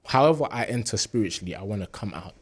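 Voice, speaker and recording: A young man in his twenties recounts his university days in a relaxed, slang-heavy conversational style. His voice sits fairly low and carries a husky, breathy edge. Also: quick pace. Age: 20s. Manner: relaxed street slang, lots of fillers, animated when retelling. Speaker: university student sharing a testimony. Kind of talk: casual storytelling chat.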